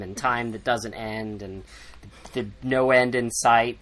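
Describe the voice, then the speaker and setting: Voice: mid-range voice, a bit bright, slight background noise. A podcast host recapping a book in casual chat, rambling, sarcastic and swearing freely.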